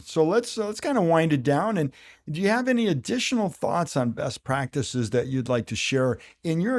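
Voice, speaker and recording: A man's voice: mid-range voice, darkish tone. A man hosting a podcast interview for sales managers, affirming his guest and rambling with restarts. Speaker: podcast host.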